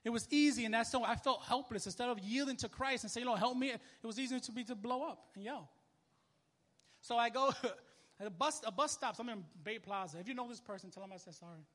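High-voiced storytelling male preacher. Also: a little fast, big-room sound. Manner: storytelling, animated, casual street talk with laughs. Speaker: minister. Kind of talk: sermon.

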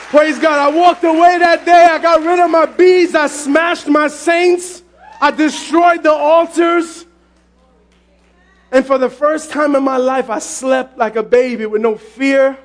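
Man, pastor, fervent shouting sermon, very high voice, faint congregation behind. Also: takes it slowly, a faint crowd. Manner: fervent preaching, often shouting; animated storytelling with exclamations. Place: church sanctuary.

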